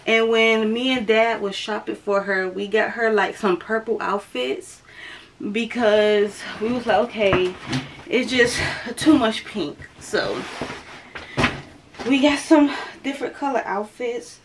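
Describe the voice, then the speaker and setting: A young woman vlogger chats casually to her viewers from home, sounding a little out of breath, with background noise behind her. Her voice is slightly high, with fairly even intonation and a measured pace, and she keeps calling her audience "y'all."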